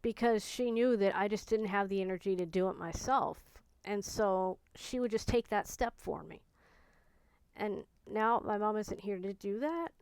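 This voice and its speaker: A grieving, low-energy woman vlogger confides in her camera, speaking plainly and from the heart in a candid, rambling way full of fillers. Her smooth, clean voice is medium-pitched and darkish at normal speed, recorded close and dry with no room sound or echo.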